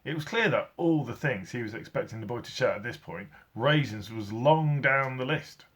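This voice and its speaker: A man's voice: medium pitch, animated, moderate pace, fairly bright tone, husky. A man, a teacher, reading a children's story aloud, acting out sound effects as he goes.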